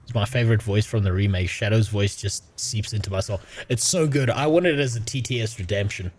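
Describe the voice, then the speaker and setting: A man's voice: lowish voice, a little fast. A young man streaming a game, talking in crude, sarcastic, laughing rants. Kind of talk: casual gaming stream chat.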